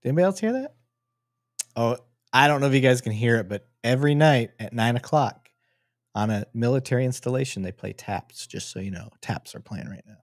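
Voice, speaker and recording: A man's voice: mid-range voice, expressive, fairly quick, no echo, clean studio sound. A man hosting a live stream and commenting casually on video footage, joking and swearing freely. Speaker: host.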